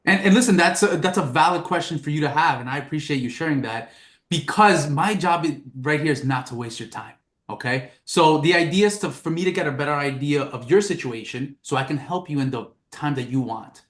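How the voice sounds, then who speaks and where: A man practising a sales call as an agent, with a fairly high voice and an earnest, reassuring patter. The room around him sounds echoey. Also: fairly quick, fairly bright tone. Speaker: agent in a sales role-play.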